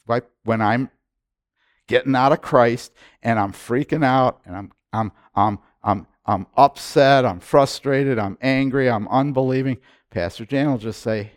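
A man preaching as pastor, emphatic and repetitive, his voice swelling loud on key points. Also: mid-range voice, dry recording, clean studio sound. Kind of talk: sermon.

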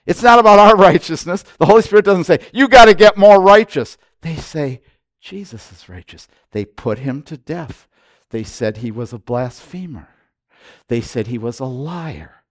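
A man's voice: mid-range voice, no room sound, clean studio sound. Emphatic male pastor preaching. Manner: emphatic, repetitive, rising to loud stresses. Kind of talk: sermon.

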